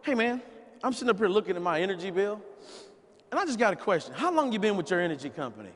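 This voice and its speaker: A man giving a folksy, animated sales training talk, acting out conversations and repeating key phrases. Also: high voice, fast. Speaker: business opportunity trainer. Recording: long hall reverb, live event.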